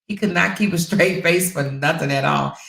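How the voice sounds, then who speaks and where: A woman hosting a casual livestream, telling stories and reading viewer comments in an animated, sassy way. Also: low voice, normal speed, gravelly. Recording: roomy echo.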